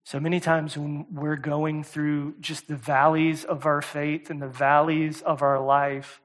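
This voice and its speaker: A man preaching a sermon as a guest speaker, talking casually and repeating words, swinging between loud emphatic stretches and quiet soft ones. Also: fairly high pitch, level tone, a little slow. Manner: conversational, repeats words and says "y'all" often. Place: church service.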